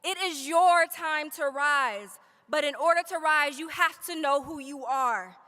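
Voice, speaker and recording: A woman's voice: high voice, unhurried, sharp tone. A woman giving a motivational commencement speech, leading the graduates in call-and-response affirmations and mixing in playful, casual asides to the crowd. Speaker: commencement speaker. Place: large graduation ceremony hall. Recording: long reverb of a large hall.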